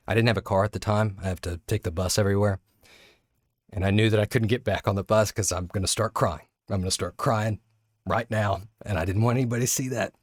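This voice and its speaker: A man teaching public speaking through a personal story, earnest and candid, often halting and restarting mid-sentence. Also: low voice, no echo, studio quality.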